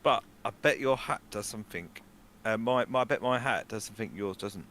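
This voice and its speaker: A man's voice: on the low side, a little fast, fairly bright tone, a little hiss or hum. A man doing a chatty stage magician. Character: cheerful young male stage magician.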